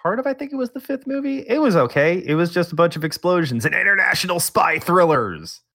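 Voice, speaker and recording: A man leads a casual gaming podcast, teasing his friends and laughing easily. His pitch moves a lot, which keeps the talk lively. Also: fairly quick, creaky. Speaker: podcast co-host.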